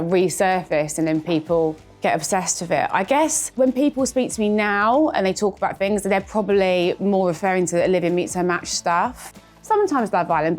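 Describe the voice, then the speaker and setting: A woman in her thirties talks openly and with self-mocking humour about her past. Her voice sits a little low, and faint music plays behind her. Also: a little mellow. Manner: candid, chatty, self-mocking. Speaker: reality TV star. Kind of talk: reacting to old clips, casual chat.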